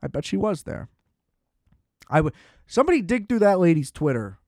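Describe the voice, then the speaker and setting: A man's voice: high-pitched, very animated, normal speed, darkish tone, no echo, clean studio sound. A young man hosting a solo podcast, ranting in a casual, profane, exasperated way and leaning on filler words. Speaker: podcast host.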